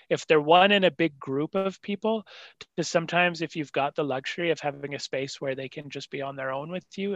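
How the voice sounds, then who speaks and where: A man's voice: on the high side, fairly bright tone, no echo. A male psychologist talking in a podcast interview. He explains at a conversational pace and sometimes acts out what parents and kids say. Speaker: psychologist guest. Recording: dry, slightly dull podcast audio.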